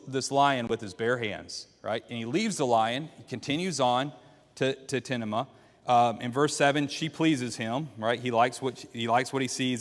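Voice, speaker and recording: A man teaching a church Bible class, retelling a story and putting questions to the class. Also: medium pitch. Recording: long hall reverb.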